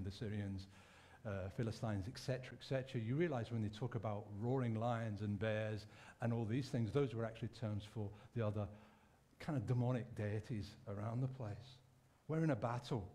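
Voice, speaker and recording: A man preaching a sermon in a church, speaking conversationally and reflectively, pausing to correct himself and add asides. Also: mid-range voice, darkish tone. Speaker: pastor.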